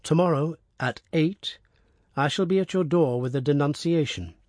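A man voicing a scheming revolutionary prosecutor in a storybook reading, speaking in a measured, formal, oratorical way. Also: a little high, darkish tone, dry recording, clean studio sound, lightly acted. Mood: solemn.

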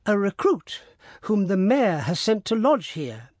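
A man voicing a devoted old female servant in a storybook reading, with a raised voice and breathy exclamations. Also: sing-song, unhurried, a little mellow, dry recording, studio quality, full character voice. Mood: excited. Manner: high, exclaiming.

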